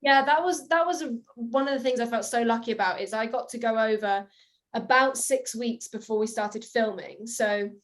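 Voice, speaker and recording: Fast-talking giggly actress. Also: female voice, on the high side. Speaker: actress guest. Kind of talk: animated interview anecdote.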